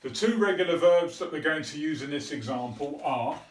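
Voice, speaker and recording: A man teaching a pronunciation lesson, slowly and carefully demonstrating sounds. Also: fairly high pitch, expressive. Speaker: English teacher. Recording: echoey room, mic at a distance.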